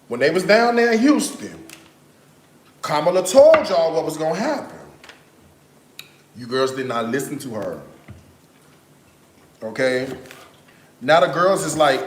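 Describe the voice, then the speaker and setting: A man cooks in his home kitchen during a live stream, chatting casually and telling stories straight to his viewers as an animated storyteller. His voice is fairly high, unhurried, and broken by long pauses, with a reverberant sound.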